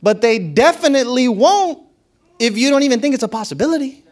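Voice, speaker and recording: A man's voice: very high voice, expressive, a little fast. A man preaching a sermon as a pastor, in a conversational and playful way, often laughing and acting out what others said.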